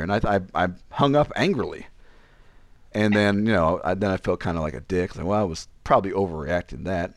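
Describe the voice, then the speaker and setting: A man's voice: normal speed, dry recording. A young man casually telling a personal story on a podcast, acting out the lines of the people in it. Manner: animated, acts out quoted lines with pitch jumps.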